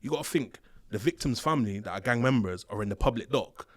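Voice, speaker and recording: A man telling stories from his days as a prison officer, slangy and animated, acting out the voices of the people he describes. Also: medium pitch, fast talker, no echo, studio quality. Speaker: interview guest, former prison officer. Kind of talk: casual storytelling. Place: studio.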